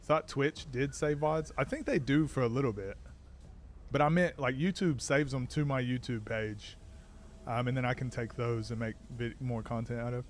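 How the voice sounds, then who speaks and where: A man's voice: mid-range voice, moderate pace, a little hiss or hum. An American man chatting casually on a live stream, answering chat while he plays a game. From United States.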